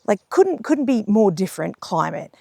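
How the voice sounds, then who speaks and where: A young Australian woman chats brightly to her vlog audience while she is sick, her voice husky and edged with a gravelly fry. She talks outdoors at a lakeside camp, and the sound stays dry and close. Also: medium pitch, very animated, dry recording. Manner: chatty and upbeat, quick asides. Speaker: vlogger. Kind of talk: casual vlog talk to camera.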